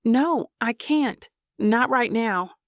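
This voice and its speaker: A woman voicing a sharp-tongued young woman romance author with a Southern accent, snapping sarcastic retorts. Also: on the high side, animated, slow, no room sound, studio quality, pitched above the performer's own voice. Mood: angry.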